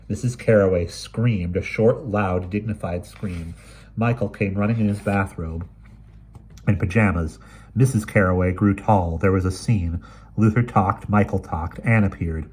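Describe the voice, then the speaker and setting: Male reader for a short story, low and husky, measured and expressive. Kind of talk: reading a short story aloud.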